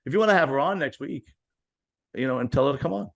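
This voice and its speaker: A man hosting a casual bodybuilding podcast, teasing and ribbing his co-host, with loud jumps between mutters and outbursts. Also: on the high side, animated, fast talker, creaky. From Italian-American family. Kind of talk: casual chat.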